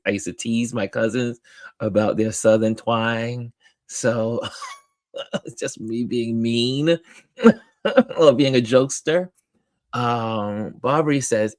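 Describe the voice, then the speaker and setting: A man hosting a live-stream, greeting viewers by name and reading their comments aloud in an upbeat, animated way. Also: fairly low pitch, no room sound. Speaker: host.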